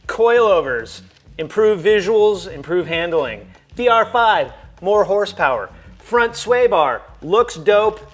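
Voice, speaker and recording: Man host, garage car build, lively and joking, pitch up a notch, soft music behind. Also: slow. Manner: animated, joking, explaining as he works. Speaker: host, mechanic. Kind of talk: casual garage chat.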